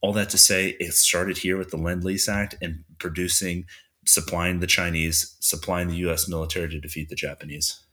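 A man's voice: deep voice, flat delivery, normal speed, pushed and bright. A man co-hosting a history podcast, talking casually and rambling with lots of fillers. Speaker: podcast co-host.

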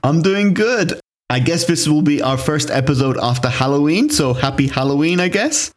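A young man co-hosting a casual podcast, telling a story in a relaxed way with lots of filler words. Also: a little high, moderate pace. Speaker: podcast co-host. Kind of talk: casual chat.

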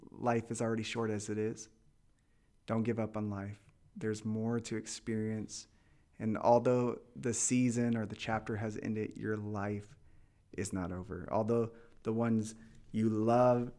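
Man, pastor, low voice, flat delivery, heartfelt, encouraging talk and prayer. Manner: earnest, gentle and heartfelt.

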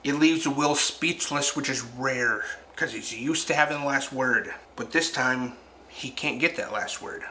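Bright-voiced man reviewing a film. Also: mid-range voice, slight background noise. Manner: reflective, retelling scenes with quick asides. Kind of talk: casual film review narration.

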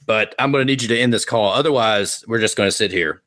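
Man voicing a petty cartoonish supervillain, gruff and low, sarcastic. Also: quick pace, a bit bright, lightly acted. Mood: exasperated. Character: boastful petty male supervillain with magnet hands.

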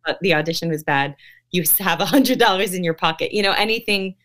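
A woman's voice: lowish voice, fast, a bit bright. A woman, an actress, chatting as an interview guest, bubbly, laughing often and using lots of fillers. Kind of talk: casual interview chat.

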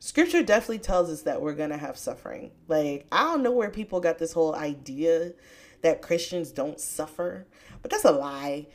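A woman hosting a podcast, talking about scripture in a casual, chatty way with bursts of excitement. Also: low voice, moderate pace. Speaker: podcast host. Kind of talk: casual faith podcast talk.

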